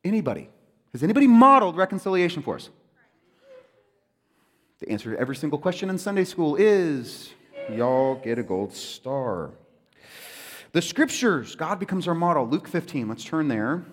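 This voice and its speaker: Male pastor, high lively voice, jokey sermon delivery, long church-hall reverb. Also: fairly quick. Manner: animated, joking, acts out quoted voices.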